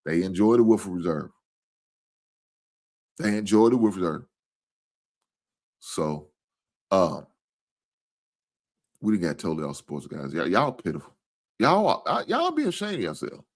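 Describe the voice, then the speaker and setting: A tired man with a drawl rambles through a casual sports talk stream. His pitch swings widely as he cusses and jokes with his chat. He sounds loose and unscripted. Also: huge pitch swings, a little slow, pauses often. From Kentucky. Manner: rambling, profane, laughing and joking with chat.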